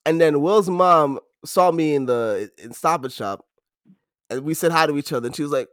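A man in his twenties telling stories in a casual chat, animated and laughing, breaking into loud impressions. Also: on the high side, moderate pace, no room sound, clean studio sound. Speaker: podcast co-host.

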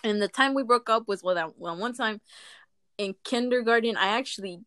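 A woman's voice: on the high side, moderate pace, no echo. A young woman telling funny school stories in a casual chat, swearing often and laughing between lines. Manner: laughing, profane, animated storytelling.

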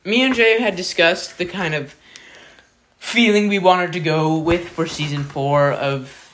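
A podcast co-host chatting casually, loose and excitable, swearing freely. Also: medium pitch, measured pace. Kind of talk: casual chat.

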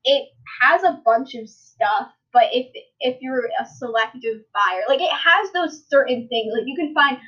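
Young woman, high voice, rambling casual podcast host with a dull lo-fi sound. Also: a little slow, few pauses, a bit bright. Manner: rambling storyteller, many fillers and restarts. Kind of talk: casual chat.

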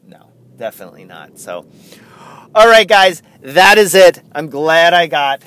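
A man's voice: fairly high pitch, expressive, unhurried, fairly bright tone, smooth, no echo. A man hosting a podcast, chatting casually with lots of chuckles and rambling asides. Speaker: podcast host.

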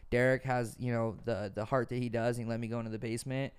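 A man's voice: mid-range voice, level tone, quick pace, clean tone. A young man hosting a casual podcast, telling earnest stories peppered with swearing. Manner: earnest, profane storytelling. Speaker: podcast host.

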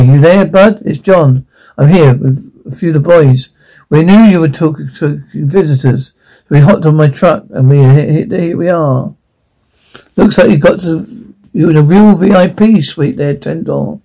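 A loyal Air Force buddy speaks at a friend's bedside in a TV drama. His voice is mellow and rather high. He rambles, stops and restarts, and keeps it joking but tender. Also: vocal fry, low-quality recording. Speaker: visiting friend. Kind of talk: TV drama acting.

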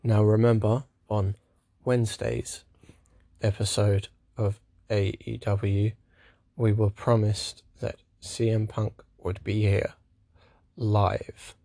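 Slow, flat-voiced man recapping wrestling. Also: lowish voice, gravelly, no echo. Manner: dry, sarcastic asides. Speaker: wrestling show reviewer. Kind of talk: casual spoken episode recap.

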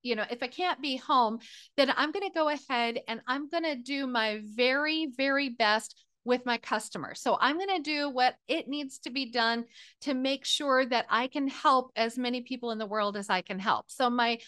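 Bright high-voiced woman telling her story. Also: moderate pace, clean tone. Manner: animated, emotional storytelling, near tears. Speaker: podcast guest. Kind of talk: personal storytelling interview.

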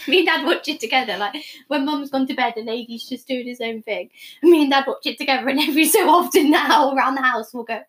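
Young woman, high voice, rambly giggly podcast chat. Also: quick pace, a bit bright, roomy sound. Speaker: podcast co-host. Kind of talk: casual chat.

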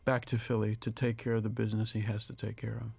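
A man, a film director, giving a reflective audio commentary, thinking aloud with pauses and restarts. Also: on the low side, level tone, creaky, darkish tone, husky, no room sound, faint music behind.

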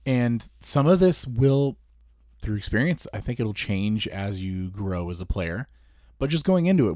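A man's voice: on the low side, warm tone, dry recording. A man co-hosting a casual tabletop game podcast, chatting and laughing between points into a close microphone. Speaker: podcast co-host. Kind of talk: casual chat.

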